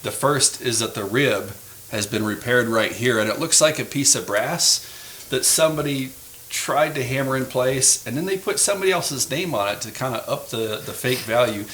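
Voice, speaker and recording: A man's voice: medium pitch, moderate pace, a bit bright, a little hiss or hum. A man working as a head gunsmith, describing gun problems in a plain, technical way during a casual chat. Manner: matter-of-fact, technical. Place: gun shop workroom.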